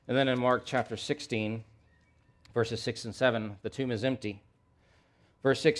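A pastor preaching a sermon, moving between quiet low asides and loud emphatic questions, and reading scripture aloud briskly. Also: male voice, steady tone.

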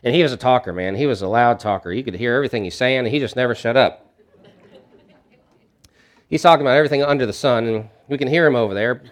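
A man's voice: medium pitch, fast talker, pauses often. A man preaching a sermon as a pastor, telling a story in a conversational way with frequent restarts.

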